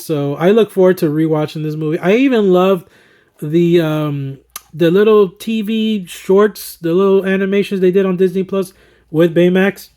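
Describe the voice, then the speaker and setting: A slightly hoarse man talking enthusiastically through his favorite movies, rambling with fillers and chuckles. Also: high voice, darkish tone. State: slightly hoarse, throat recovering. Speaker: movie collector and vlogger. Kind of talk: casual movie-ranking commentary.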